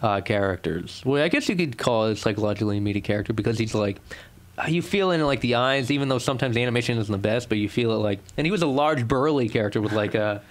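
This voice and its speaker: A man's voice: medium pitch, expressive, quick pace. A young man with a Boston accent co-hosting a podcast in casual banter, rambling with lots of fillers and restarts. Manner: rambling, many fillers and restarts, laughs often. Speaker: podcast co-host.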